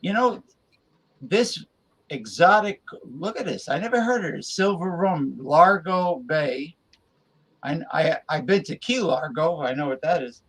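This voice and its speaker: An excitable man co-hosting a loose casual chat, his voice sitting a little high. He stumbles and restarts often and throws in playful noises. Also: measured pace. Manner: excitable, repeats words and restarts, playful sound effects. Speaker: co-host.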